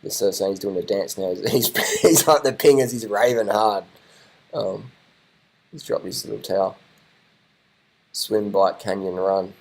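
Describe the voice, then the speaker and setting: Aussie guy riffing over race footage, hyped, says stuff twice, bit of swearing, lowish voice. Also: measured pace, creaky, long pauses. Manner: excited, repeats himself, swears casually. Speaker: commentator reacting to race footage. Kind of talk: casual live commentary.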